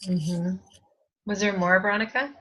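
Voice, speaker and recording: A woman spiritual advisor leading a group energy-healing session over a video call, speaking softly with emotional, halting phrasing and many fillers. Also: mid-range voice, steady tone.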